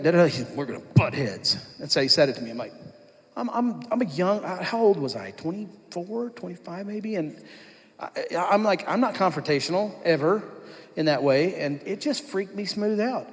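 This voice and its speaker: A man telling his personal testimony to a church congregation in a conversational storytelling way, acting out what others said. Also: a little high. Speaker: church worship leader giving his testimony. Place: church sanctuary. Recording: long church-hall reverb.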